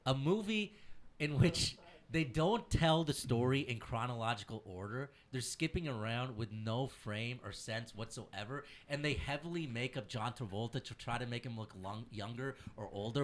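A man hosting a casual comedy podcast, joking loosely and swinging between low mumbles and loud bursts. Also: moderate pace. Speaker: podcast host.

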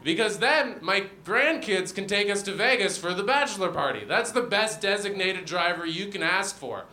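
A young man performing a stand-up comedy set with a deadpan, self-deprecating delivery. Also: sits high, normal speed. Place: comedy venue with audience. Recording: roomy venue sound.

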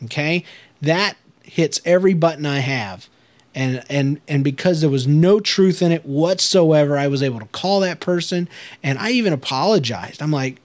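A man's voice: a little high, moderate pace. A man, a children's ministry pastor, giving emphatic, emotional podcast advice with folksy fillers. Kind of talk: casual podcast talk.

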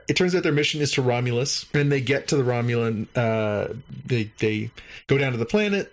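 A man casually recapping a show episode, rambling and animated, with many fillers. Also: medium pitch.

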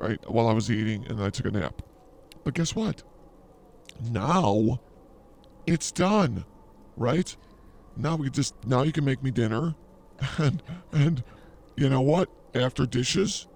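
A man's voice: medium pitch, creaky, darkish tone, slight background noise. A man co-hosting a comedy podcast with boastful, mock-arrogant teasing banter. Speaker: podcast co-host.

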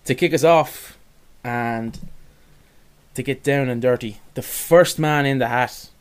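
A man hosting a casual sports podcast, introducing segments with frequent pauses and "um"s. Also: mid-range voice, clean tone. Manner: runs the show, with frequent "um"s. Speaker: podcast host.

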